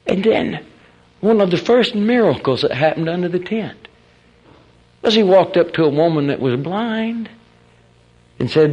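A man preaching in a folksy, animated storytelling style, acting out the quotes of the people in his stories. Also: fairly high pitch, unhurried, creaky, long pauses, husky, highs cut off. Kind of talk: storytelling sermon.

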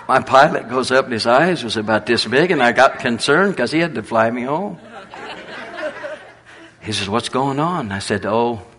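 A man preaching a sermon in a folksy, storytelling way with a husky voice. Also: medium pitch, expressive, moderate pace, a crowd in the background.

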